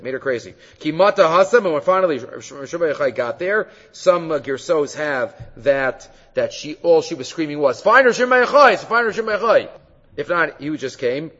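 A man giving an animated Talmud lesson, full of fillers and quick asides. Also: mid-range voice, long reverb tail, lo-fi sound. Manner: animated, mixes English with Hebrew and Aramaic, many fillers. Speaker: Torah teacher. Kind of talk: Talmud lecture.

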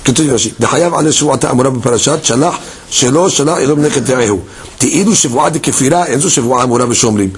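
A man teaching a Talmud class, moving between quick Hebrew text reading and explanation while acting out the claims in a case. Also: mid-range voice, husky. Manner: lively, leaps between English and Hebrew text reading, acts out case dialogues.

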